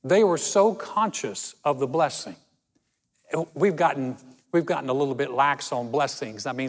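A man preaching a sermon, telling stories in a conversational way and slowing down for emphasis. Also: mid-range voice. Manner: storytelling, conversational with dramatic slow emphasis. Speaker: pastor. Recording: long hall reverb.

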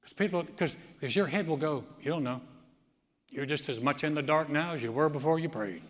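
A man preaching a sermon in a church sanctuary, his voice sitting a bit high for a man. It carries a long reverb off the room. He moves between loud, emphatic preaching and a quiet, hushed prayer voice. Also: a little fast. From United States. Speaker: pastor.

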